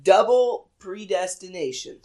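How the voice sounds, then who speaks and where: A man's voice: high voice, animated, unhurried, darkish tone. A young man co-hosting a podcast in casual chat, dropping short, dry quips. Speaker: podcast co-host.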